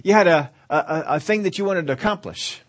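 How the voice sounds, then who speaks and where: A man's voice: sits high, fairly quick. A middle-aged man preaching a conversational sermon, chuckling often and acting out whiny, pleading prayers.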